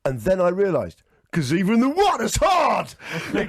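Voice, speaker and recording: A high-voiced man hosts a breakfast radio show, leaping around his pitch as he spins rambling, self-mocking anecdotes full of false starts. His voice is close and dry in the studio. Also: huge pitch swings, normal speed, husky, no echo, shouting. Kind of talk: chatty radio banter.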